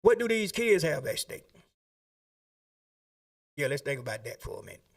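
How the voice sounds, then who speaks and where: A man's voice: fairly high pitch, big pitch swings, normal speed, far from the mic. A man making an impassioned public statement, asking pleading rhetorical questions.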